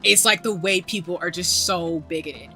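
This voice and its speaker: A woman's voice: lowish voice, moderate pace, bright, forceful tone, faint music behind. A woman streamer talking earnestly to her chat in a casual gaming stream, her voice choking up with tears. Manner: earnest, talks straight to her chat, many fillers. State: tearful, voice choking up.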